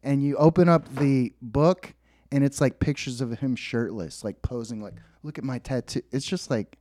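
A man's voice: medium pitch, moderate pace, warm tone, no echo, clean studio sound. A man co-hosting a podcast, telling rambling stories in casual chat, laughing at himself and acting out quotes. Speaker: podcast co-host.

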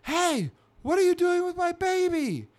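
A man voicing an exasperated, protective mother squirrel from a comic strip, in a shrill, scolding voice. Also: unhurried, dark tone, lightly acted.

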